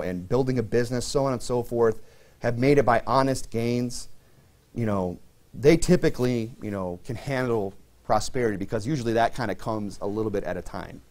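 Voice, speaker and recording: Male pastor for a church sermon: plain, chatty delivery full of fillers, pushes up in pitch to stress points. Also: a little mellow. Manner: conversational preaching, many fillers, rises in pitch for emphasis.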